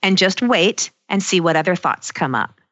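A middle-aged woman coach speaking in an earnest, personal, reflective way, slowing down to stress her key points. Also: fairly low pitch, lively intonation, a bit bright, no room sound, highs cut off. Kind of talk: reflective self-help talk.

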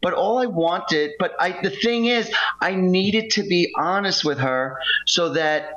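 A man with a voice a bit higher than most men tells a personal story as a guest in a conversation. He rambles, circles back and restarts his sentences. The recording is muffled and lo-fi. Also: unhurried, fairly bright tone. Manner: rambling, repeats himself and restarts lines. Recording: muffled lo-fi audio.

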